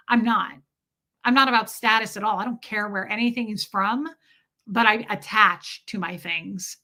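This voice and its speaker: A woman's voice: mid-range voice, bright, forceful tone. A middle-aged woman chatting candidly on a livestream, telling stories animatedly and acting out quotes. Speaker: live streamer. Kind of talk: casual livestream chat.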